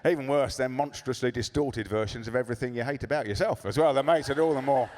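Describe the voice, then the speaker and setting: Sardonic stand-up comedian. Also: male voice, mid-range voice, quick pace. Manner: sardonic, profane, deadpan asides. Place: comedy club on stage.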